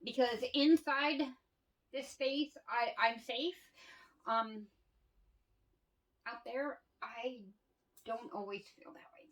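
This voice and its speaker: A woman's voice: a little high, slow, long pauses, distant mic, low-quality recording. A woman telling stories in a candid casual monologue, swearing freely and laughing often. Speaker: vlogger.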